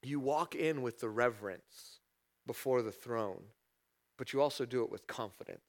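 A man's voice: medium pitch, moderate pace. Man preaching in a conversational sermon. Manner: conversational preaching, acts out prayers in raised voice. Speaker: pastor.

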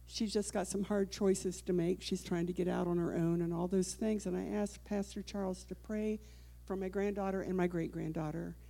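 A woman's voice: medium pitch, creaky, dark tone. An older woman giving a personal testimony in church, telling the story earnestly and acting out the dialogue.

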